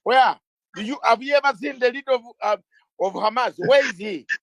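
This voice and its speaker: A man appears as an interview guest, a legal campaigner speaking with emphatic, combative passion, firing rhetorical questions and sometimes stumbling and restarting words. His very high voice is gravelly and fairly bright, fairly quick, with no room sound.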